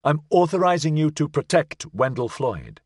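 A man's voice: on the high side, big pitch swings, moderate pace, breathy edge, no echo, clean studio sound, pitched above the performer's own voice. Brief: a man playing a wounded woman agent, firm and clipped, voice a little lifted. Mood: commanding. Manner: commanding, clipped.

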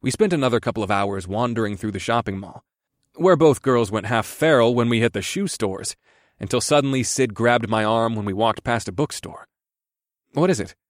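A man's voice: medium pitch, brisk, no echo, clean studio sound. A man narrating a first-person audiobook in an amused storytelling manner.

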